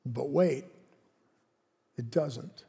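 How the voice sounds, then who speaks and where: A man's voice: mid-range voice, very slow, gravelly, dark tone, in a large hall. A man preaching a sermon, emphatic, acting out a prophet's bitter complaints with rising intensity. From Canada. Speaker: pastor.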